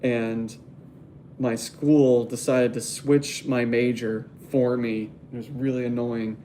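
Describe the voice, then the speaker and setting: A man's voice: mid-range voice, level tone, slow, dark tone, a little hiss or hum. A young man in casual livestream chat as a graphic novel artist, rambling and laughing often as he talks.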